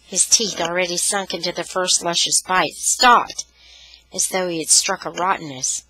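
A woman storyteller reading a novel chapter aloud in an expressive, dramatic way. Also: fairly low pitch, measured pace, slightly rough, rough recording. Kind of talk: scripted narration.

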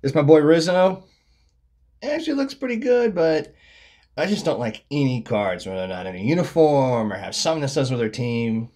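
A man's voice: mid-range voice, animated, a little fast, dark tone. Brief: a male hobbyist chatting loosely over his cards, teasing and dry, voice fading into mutters. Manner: wry, mocking, trails off with mumbled asides. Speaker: card collector showing his cards. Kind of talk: casual commentary on baseball cards.

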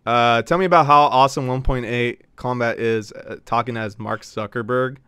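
A gaming streamer talks to his chat while playing, brash, teasing and profane in a casual live-stream style. His medium-pitched voice is clear, resonant and fairly bright, with fairly even intonation and a moderate pace. The sound is clean studio audio with no room sound.

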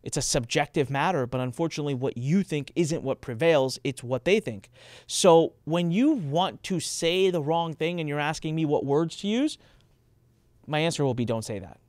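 Smooth-voiced man explaining to camera. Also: normal speed, darkish tone, no room sound, studio quality. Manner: emphatic, acts out quoted speakers with raised pitch. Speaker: host explaining marketing compliance. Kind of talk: casual explanatory talk to camera.

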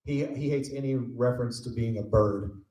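A man answering fan questions on a convention panel, relaxed and jokey, rambling through stories. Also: mid-range voice, moderate pace. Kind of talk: casual storytelling Q&A. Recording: echoey convention room.

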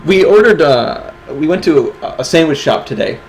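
Animated joking man hosting awards. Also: fairly high pitch, normal speed, a little hiss or hum, rough recording. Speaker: awards co-host. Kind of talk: casual chat.

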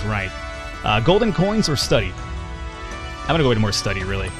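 A man's voice: lowish voice, very animated, a little fast, pauses often, music in the background. A man casually commenting on a strategy game as he plays, joking and reading game text aloud. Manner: jokey, chatty, reads game text aloud. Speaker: gaming channel host. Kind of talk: casual let's-play commentary.

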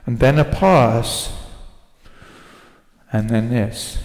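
Male pastor, sermon, slow deliberate delivery, frequent "right?" asides, echoey church hall, long reverb. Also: medium pitch, a little mellow. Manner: prays and retells scripture with frequent "right?" asides. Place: church sanctuary.

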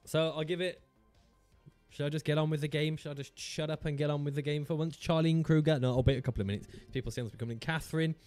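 A man's voice: on the high side, steady tone, fast talker, a little mellow, dry recording, faint music behind. A man chatting casually on a live stream, rambling, chatty and self-mocking, swearing freely into a desk mic.

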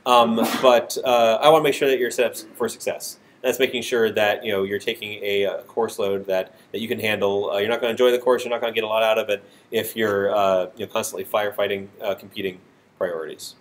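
Lecturing on programming at a university, a man with a nasal voice speaks quickly in a fairly low, steady tone, with slight background noise. The hard-walled classroom carries his informal talk, which is heavy on fillers, restarts, and self-deprecating remarks.

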